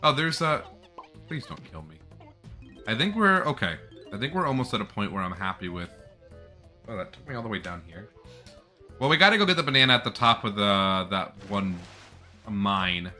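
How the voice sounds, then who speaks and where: A man chatting and joking through a gameplay session in a bright, forward voice. His pitch sits a little low but swings widely. There is faint music underneath. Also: moderate pace, long pauses. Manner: chatty, jokey, animated. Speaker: gameplay streamer. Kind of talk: casual gameplay commentary.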